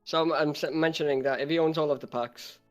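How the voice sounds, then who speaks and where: A man with a slightly high voice plays a tabletop game with friends. He talks in a hesitant, chuckling way, stopping often on fillers. Soft music runs under the voice-chat sound. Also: fairly even intonation, fast. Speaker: player. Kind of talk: casual tabletop game play.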